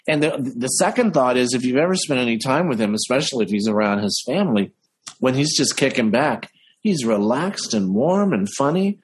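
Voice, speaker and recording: Male guest, husky tone, mid pitch, animated anecdotal delivery with deliberate slow beats. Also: low-quality recording. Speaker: impressionist guest. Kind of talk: casual interview chat.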